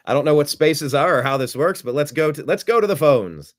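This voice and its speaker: A man's voice: fairly high pitch, very animated, moderate pace. Rambling male livestream host. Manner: rambling, retelling a phone call with quoted dialogue. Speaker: show host. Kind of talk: casual livestream monologue.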